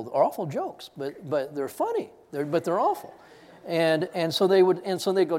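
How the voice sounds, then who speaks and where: A man's voice: on the high side, brisk. A man, a preacher telling a personal story in a sermon, self-deprecating and full of restarts. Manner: animated, self-deprecating anecdote with many restarts. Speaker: pastor.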